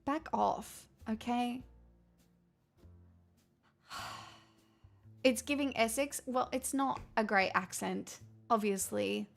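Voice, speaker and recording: Brief: young Australian woman, raspy, gravelly edge, slightly high voice, rambling casual stream talk with swearing. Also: slow, long pauses, faint music behind. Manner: rambling, chatty, swears freely. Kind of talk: casual livestream chat.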